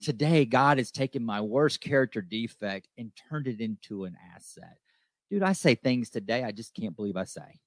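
A man's voice: mid-range voice, expressive, moderate pace, dry recording. Male host, recovery talk, earnest and emphatic, repeats himself for effect; dry close-miked sound. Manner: emphatic, repeats lines, says "okay?" often.

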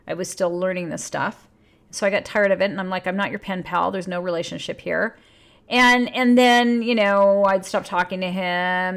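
Woman relationship coach, candid and blunt, swearing freely, lively emphatic delivery. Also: on the low side. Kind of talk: casual advice monologue.

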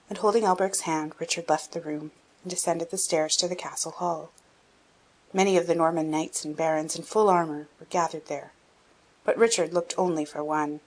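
A woman reading a classic children's novel aloud in even, measured narration. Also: deep voice. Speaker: audiobook reader. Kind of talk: scripted narration.

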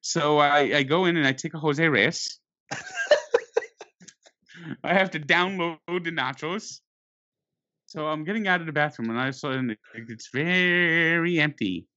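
A man rants through a sports story with a forceful, bright edge and a voice pitched a bit high, restarting his sentences as his exasperation builds. The sound is dull and lo-fi but dry, with no room around it. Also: normal speed, no room sound. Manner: exasperated, animated, stumbling restarts.

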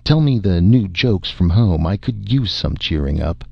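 A man's voice: deep voice, animated, a little slow, gravelly, no room sound, muffled recording, heavily acted. A man voicing a gloomy, exasperated alien base commander who overstates everything. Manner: despairing, exasperated.

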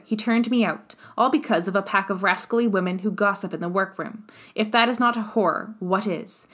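A woman's voice: mid-range voice, a bit bright, close to an everyday voice. A woman reading the part of a desperate, pleading young seamstress in an audiobook, with a feverish, imploring delivery.

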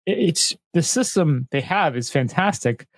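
A man's voice: a little high, expressive, unhurried, no room sound. A man co-hosting a podcast in casual chat, joking and riffing on bits. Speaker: podcast co-host.

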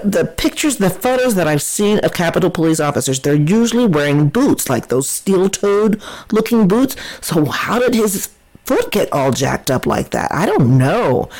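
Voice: medium pitch, a little mellow, low-quality recording. A political commentator giving an opinionated solo commentary, emphatic and scornful, often repeating words and restarting sentences.

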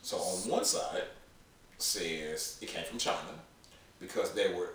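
A man co-hosting a casual podcast chat, rambling with halting restarts. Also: deep voice, fairly bright tone. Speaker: podcast co-host. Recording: echoey room, mic far off, faint noise.

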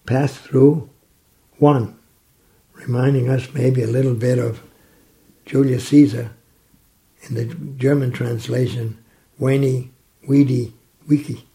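A man explaining a Bible passage in conversation, reading verses slowly and reflecting on them. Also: mid-range voice, fairly even intonation, gravelly, dark tone, low-quality recording. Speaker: Bible teacher. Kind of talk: scripture commentary in conversation.

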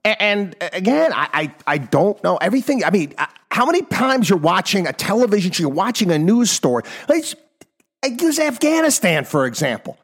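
A man's voice: sing-song, brisk. Exasperated ranting male talk host. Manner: ranting, exasperated, swings from loud outbursts to low mutters. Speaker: radio talk show host. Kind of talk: opinionated monologue.

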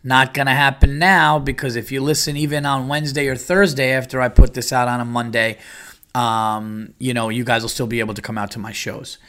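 A man's voice: mid-range voice, little pitch movement, a little fast, a bit bright. A middle-aged man hosting his own podcast in casual, rambling chat, loose and profane with many fillers. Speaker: podcast host.

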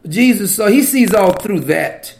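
A man preaching with a high voice. His talk is conversational and teasing. He keeps asking his listeners questions and chuckles at his own points. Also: expressive, unhurried, vocal fry, a little hiss or hum. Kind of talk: sermon.

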